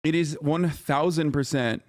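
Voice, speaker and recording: A man's voice: fairly high pitch, fairly even intonation, unhurried, darkish tone, dry recording. A man in his thirties livestreaming from a home setup, combative and profane as he argues with his viewers. He mocks and scolds the chat in a sarcastic, heated voice. The recording is close and dry, with almost no room sound. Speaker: streamer. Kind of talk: live stream reaction rant.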